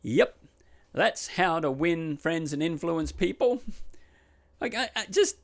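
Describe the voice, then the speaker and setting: A man's voice: a little high, expressive, a little slow, vocal fry. A man hosting a podcast, retelling a true story in a chatty, wry way. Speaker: podcast host.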